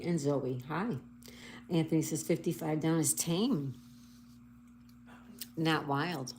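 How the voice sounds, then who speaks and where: A woman hosting a casual livestream, reading viewer comments and slowly spelling out crossword answers letter by letter. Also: deep voice, dark tone, slight background noise. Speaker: livestream host.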